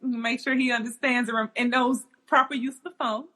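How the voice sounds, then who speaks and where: A woman's voice: on the high side, fairly even intonation, fairly quick, pushed and bright. A woman hosting a live chat show over a video call, upbeat and reassuring in her manner. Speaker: host.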